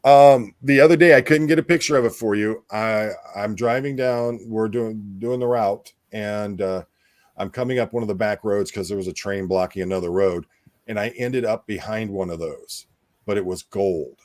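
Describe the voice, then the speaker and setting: Host, male, very low voice, dry close sound, loose rambling chat. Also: normal speed, darkish tone, dry recording. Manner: rambling, with many fillers and restarts. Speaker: podcast host. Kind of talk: casual chat.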